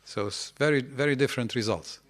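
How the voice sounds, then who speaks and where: A man's voice: mid-range voice, brisk, fairly bright tone. A man giving an informal scripture lecture to a small audience in a temple hall, rambling with many fillers and asking rhetorical questions. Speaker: speaker giving a scripture class.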